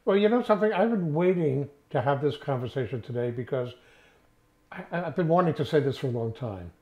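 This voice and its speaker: Co-host dude chatting, setting up the topic, echoey room, dull muffled audio. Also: male voice, fairly high pitch, lively intonation, brisk. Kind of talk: casual talk-show conversation. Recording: roomy, dull sound.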